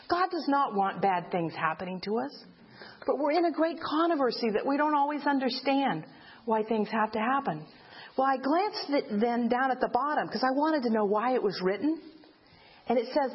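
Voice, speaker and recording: A woman with a high, slightly husky voice tells a personal faith testimony in an earnest storytelling way. Her pitch climbs when she relives her cries to God. The recording is dull and lo-fi. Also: lively intonation, normal speed. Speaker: widow giving a testimony.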